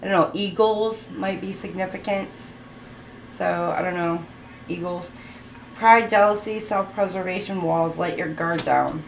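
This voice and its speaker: A woman with a lowish voice and vocal fry gives a casual tarot reading at a measured pace. Chatty and quick to laugh, she lists off card keywords; the recording is roomy with faint background noise.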